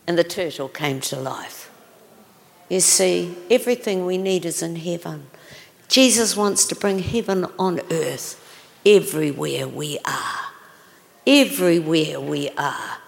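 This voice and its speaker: Woman preacher with a gravelly voice. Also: fairly low pitch. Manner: exclaiming, questions the audience. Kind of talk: sermon storytelling. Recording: long reverb of a large hall.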